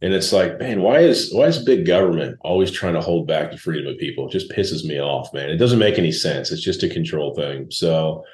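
A man's voice: low-pitched, expressive, fairly quick, hardly any pauses, darkish tone, echoey room. A man in his forties, a guest entrepreneur telling blunt, laid-back stories in a casual interview.

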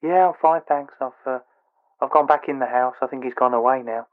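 A man's voice: mid-range voice, brisk, voice pushed up. A man voicing an awkward, eager male fan who talks earnestly and hesitantly over a phone line.

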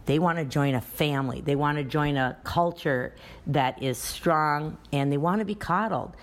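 A woman's voice: deep voice, normal speed. A woman who runs a dance studio, talking casually on a podcast and telling chatty anecdotes. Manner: chatty, anecdotal, restarts often.

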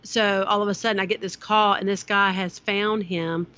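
An adult speaker reminisces in an easygoing, conversational way, with a mid-range voice and steady delivery. The recording is somewhat dull and lo-fi. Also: mid-range voice, normal speed. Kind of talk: casual conversational storytelling. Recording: slightly dull lo-fi sound.

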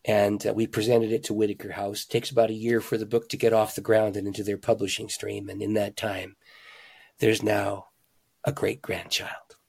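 A man, a pastor and author, telling stories in an interview with animated emphasis, swinging between loud, excited lines and hushed ones. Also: lowish voice, normal speed, creaky, slightly rough. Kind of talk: conversational storytelling.

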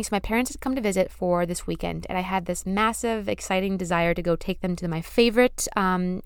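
A young woman talks through her podcast in a casual, heartfelt flow, repeating phrases to drive each point home. Her voice is smooth and clear, sitting at an ordinary middle pitch. The sound is close and dry, with no room around it. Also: dry recording. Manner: earnest, effusive, repeats phrases for emphasis. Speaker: podcast host. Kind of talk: casual spiritual podcast monologue.

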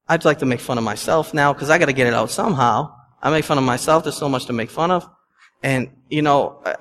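The church hall's long reverb surrounds a young adult male pastor preaching in the sanctuary. He's conversational and emphatic, adding asides to the congregation, with a fairly bright voice on the high side.

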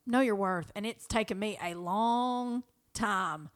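A woman from Kentucky with a Southern American accent, co-hosting a podcast in an animated, folksy, casual chat. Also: mid-range voice, takes it slowly. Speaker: podcast co-host.

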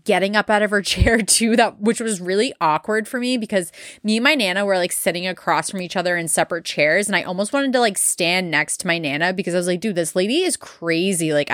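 A woman's voice: mid-range voice, a bit bright, no room sound. Young woman, podcast host, casual storytelling, filler-heavy, profane, dry recording. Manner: filler-heavy, swears bluntly.

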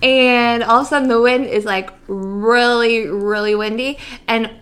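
A woman's voice: measured pace, smooth. A young woman from near the Great Lakes, co-hosting a chat show and telling a story animatedly with laughs and acted-out quotes. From Great Lakes region, USA. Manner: animated, laughing, acts out quotes with big jumps in pitch. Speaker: podcast co-host.

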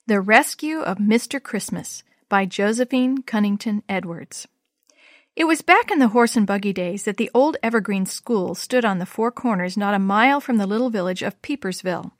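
A woman reading a Christmas story aloud in a gentle, measured storytelling manner. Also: medium pitch, no echo, studio quality. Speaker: story reader.

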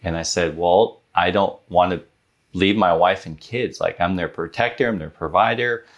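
A man in his thirties, a podcast guest telling a personal story in an earnest, animated way, with many fillers like "like". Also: sits low, moderate pace, lo-fi sound. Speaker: guest, business owner.

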